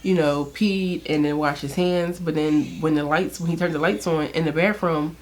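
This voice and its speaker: A woman's voice: low-pitched, fairly even intonation, normal speed. A young woman vlogger telling a personal story in a candid, chatty way, laughing often and using lots of fillers. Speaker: beauty vlogger. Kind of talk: casual storytime.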